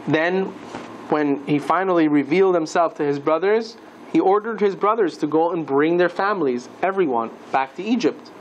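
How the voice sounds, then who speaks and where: A man teaching a class as a rabbi, lively and playful, asking the listeners questions and mixing Hebrew terms into his lesson. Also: a little high, a little hiss or hum, rough recording.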